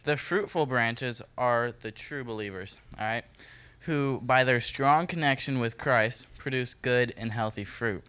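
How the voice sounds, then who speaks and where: A man leading a Bible study for a group, reading verses and explaining them in a relaxed, joking way, talking straight to his listeners. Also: medium pitch, unhurried, hardly any pauses, smooth. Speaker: youth Bible study leader. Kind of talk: casual Bible teaching talk.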